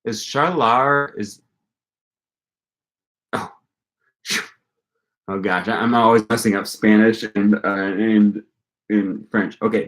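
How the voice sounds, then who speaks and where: A man's voice: on the low side, steady tone, slow pace, pauses often, fairly bright tone. A young man hosting a casual livestream about language learning, talking in an upbeat, encouraging way and rambling with many fillers. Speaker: language-learning channel host.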